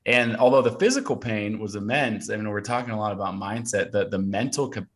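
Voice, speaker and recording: A man in his thirties from Portland, Oregon, a guest telling a personal story in a casual interview, earnest and animated, with many fillers and restarts. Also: fairly low pitch, fairly quick.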